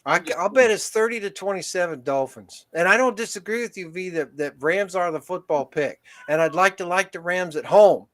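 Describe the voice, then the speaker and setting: A male host on a casual football talk stream. His voice is quite high for a man, and he loops back and restarts his thoughts as he talks through his picks. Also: normal speed, few pauses, fairly bright tone.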